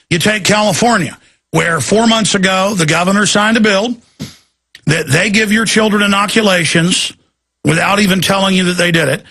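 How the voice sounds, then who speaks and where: Gravelly, forceful ranting male radio host. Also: high voice. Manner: agitated, ranting. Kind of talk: talk-radio monologue.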